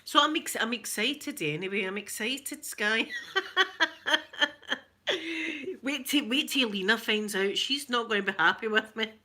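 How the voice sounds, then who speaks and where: A middle-aged Scottish woman chatting casually with live viewers on an ASMR stream, giggly and rambling, often dropping to soft whispers. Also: a little high, moderate pace, few pauses. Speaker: ASMR creator.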